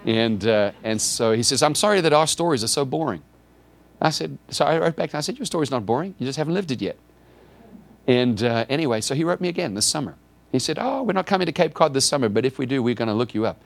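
A man's voice: mid-range voice, fast talker, creaky. A man, a pastor, telling a personal story in a sermon and acting out the conversations in it. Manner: animated, acts out dialogue with God in raised voices.

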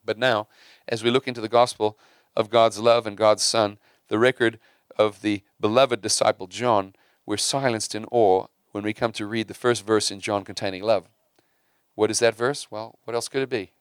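A man preaching a sermon, repeating and restarting words and swinging from hushed to emphatic. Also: on the low side, steady tone, normal speed, clean tone, dry recording, clean studio sound.

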